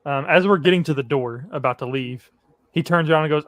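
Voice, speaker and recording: A man's voice: medium pitch, fast, no room sound. A man on a podcast casually teasing a friend, swearing as he tells the story. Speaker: podcast co-host. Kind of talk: casual chat.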